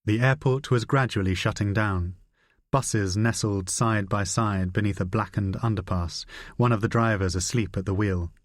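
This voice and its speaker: A man reading a spy novel aloud in a measured, dry narration. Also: lowish voice, fairly even intonation, no echo. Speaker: audiobook narrator. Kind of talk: scripted narration.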